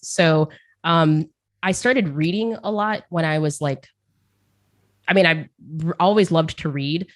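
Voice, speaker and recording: Guesting on a podcast, a woman who works as an esports caster talks about that job in a relaxed, rambling interview. She laughs a lot and repeats words, and her voice sits low.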